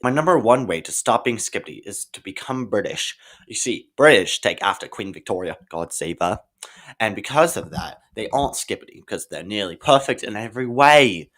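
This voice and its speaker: A man's voice: on the low side, expressive, normal speed, fairly bright tone. A man hosting a silly comedic talk show, rambling and stumbling through his list with many ums and likes. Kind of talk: silly sketch monologue.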